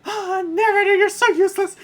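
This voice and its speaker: A man voicing a prim, easily annoyed princess in a high, theatrical falsetto while playing a game. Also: steady tone, a little fast. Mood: huffy. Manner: shrill, theatrical, indignant. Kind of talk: let's play voice acting.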